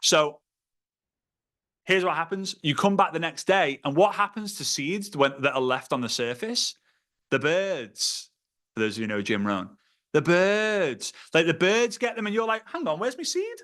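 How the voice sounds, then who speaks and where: A man giving an energetic sales training talk, acting out prospects and himself in quick little voices. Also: a little high. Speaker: network marketing trainer.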